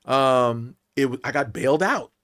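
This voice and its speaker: A man in his late forties, a podcast guest telling stories in an animated way, acting out the voices of the people in them. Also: medium pitch, measured pace. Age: late 40s. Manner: lively, acts out quotes in big jumps of voice. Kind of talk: animated storytelling interview.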